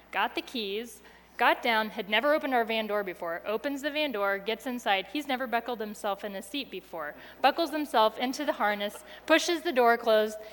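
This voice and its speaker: Woman telling her story, kinda high voice, gets soft and hushed in the scary bits, long hall reverb. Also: slight background noise. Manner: expressive, drops soft and quiet at tense moments, laughs between lines. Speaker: speaker telling a personal story. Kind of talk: dramatic personal storytelling.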